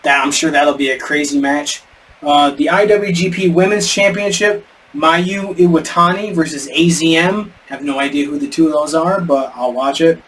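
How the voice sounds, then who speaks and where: A man's voice: a little high, normal speed, a bit bright. A man co-hosting a podcast in casual chat, rambling and stumbling over names. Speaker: podcast co-host. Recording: distant mic with faint background noise.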